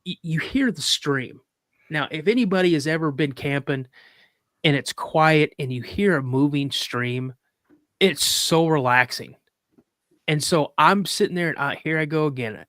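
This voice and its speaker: A man, a podcast guest, telling a story in a casual, animated way with acted quotes. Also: on the high side, a little slow, no echo, studio quality. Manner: rambling with restarts.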